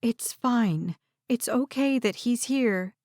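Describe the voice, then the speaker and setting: A woman voicing an anxious, protective young caretaker who talks gently and soothingly. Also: a little high, lively intonation, takes it slowly, no echo, clean studio sound. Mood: worried.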